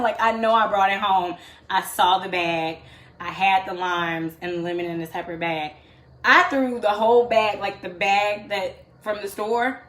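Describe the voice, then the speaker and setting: In an echoey room with faint background noise, a female home-cooking host tells casual stories while she cooks. She has a medium-pitched, fairly bright voice and fills the talk with laughter and asides to her viewers.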